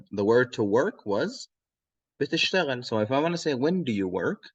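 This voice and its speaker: A man's voice: medium pitch, big pitch swings, slightly rough, dry recording. Man language teacher, patient, repeats phrases, dry dull recording. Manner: repeats phrases slowly, checks in with "okay?" and "yes?". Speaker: Arabic teacher. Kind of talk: language lesson.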